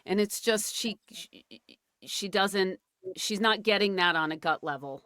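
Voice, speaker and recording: A woman's voice: mid-range voice, normal speed, pushed and bright, no echo, studio quality. A woman hosting a podcast who talks as a parent, affirming the guest often with murmured agreement. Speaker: podcast host, adoptive parent. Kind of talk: conversational podcast interview.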